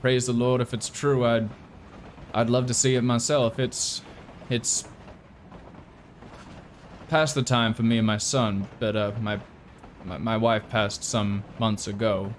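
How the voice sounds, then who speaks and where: A man's voice: mid-range voice, level tone, measured pace, pauses often, a little hiss or hum, close to an everyday voice. A man voicing a grieving widowed father who is earnest and folksy, talking in a rambling, stammering way. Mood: wistful.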